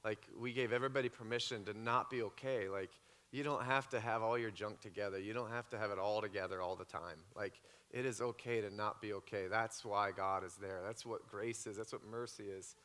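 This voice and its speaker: A man's voice: on the low side, fairly even intonation, fairly quick, fairly bright tone. A man pastor at a church Q&A, joking and upbeat, then earnest as he speaks of faith. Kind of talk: church Q&A talk. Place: church hall.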